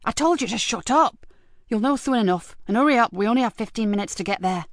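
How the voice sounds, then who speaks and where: A woman's voice: animated, quick pace, no room sound, clean studio sound, lightly acted. A woman voicing a hard, impatient older teenage boy in an audiobook. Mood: angry. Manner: low, clipped and menacing.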